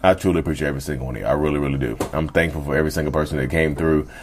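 A man talking casually to his viewers on a vlog, animated and repetitive, calling them y'all, and tired. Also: a bass voice, rapid-fire, a little hiss or hum. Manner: animated, repeats himself, addresses viewers as y'all. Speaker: vlogger. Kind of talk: casual talk to camera.

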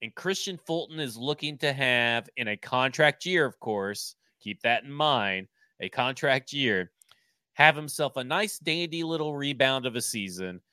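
Man, sports podcast co-host, blunt, opinionated, bright tense voice, dry close sound. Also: mid-range voice, lively intonation, measured pace, clear, resonant tone, no echo. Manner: blunt, opinionated, swears casually. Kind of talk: casual sports talk.

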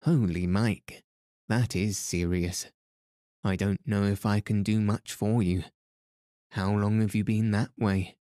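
A man's voice: lowish voice, fairly even intonation, slow pace, warm tone, no room sound. A man reading the part of a genial, teasing middle-aged priest with dry, playful humor. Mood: gently teasing.

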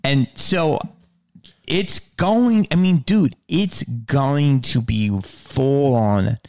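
A middle-aged man chatting casually on a podcast, telling animated, profane stories and dropping his voice low for asides. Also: very slow, no room sound, studio quality. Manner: swearing, animated storyteller who drops low for asides. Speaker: guest comedian.

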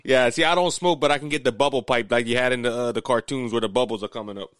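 A man's voice: mid-range voice, fast talker, a bit bright, no room sound. A man from Louisiana with a Cajun accent, hosting a casual political talk show in a folksy, rambling way. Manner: folksy, repeats and restarts often. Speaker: podcast host. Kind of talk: casual conservative talk chat.

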